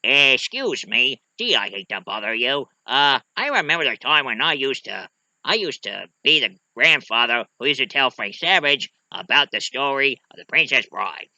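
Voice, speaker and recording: A man imitating a gentle old grandfather who speaks politely and haltingly, as if apologizing. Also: medium pitch, big pitch swings, no echo, full character voice, low-quality recording. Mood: apologetic.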